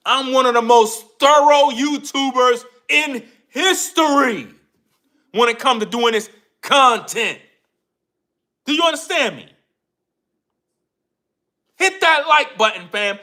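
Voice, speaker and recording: A man's voice: very high-pitched, pushed and bright. A man giving an emphatic commentary rant as a YouTube commentator, repeating himself and addressing viewers directly.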